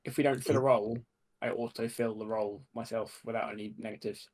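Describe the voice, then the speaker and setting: A man's voice: fairly low pitch, fairly even intonation, fast, darkish tone. Chatty joking man at a game table. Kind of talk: casual banter at the game table.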